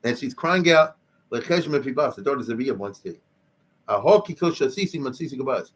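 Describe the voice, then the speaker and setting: A male rabbi teaching Jewish history in a lively, conversational lecture, explaining Hebrew terms as he goes. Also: mid-range voice, fast talker, slightly rough.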